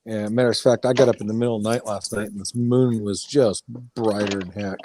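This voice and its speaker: A man's voice: on the low side, fairly even intonation, fairly quick, mellow, a little hiss or hum. A man chatting casually on a live stream, easygoing and joking. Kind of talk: casual chat.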